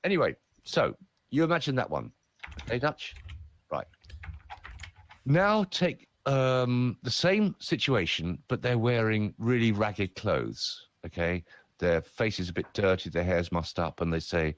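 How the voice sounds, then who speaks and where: Playful, theatrical voice-over man, deep. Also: animated, measured pace, dry recording, dull audio. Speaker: voice-over artist and speaker. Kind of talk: podcast conversation.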